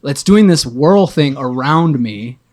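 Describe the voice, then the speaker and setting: A young man on a podcast, telling a long story in a casual, animated, profane way and acting out what he thought at the time. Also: medium pitch, slow pace. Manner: animated, profane storytelling with acted-out inner voices. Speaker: podcast guest.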